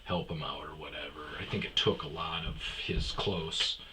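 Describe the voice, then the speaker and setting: A man's voice: very deep voice, steady tone, moderate pace, background noise. A middle-aged man hosting a podcast, telling rambling, profane comic stories and acting out the lines of the people in them. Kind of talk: casual comedic storytelling.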